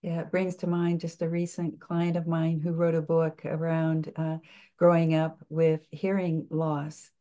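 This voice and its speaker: An older woman speaking coach answering interview questions in a reflective, halting way, with frequent restarts. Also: sits low, completely flat delivery, dark tone, highs cut off.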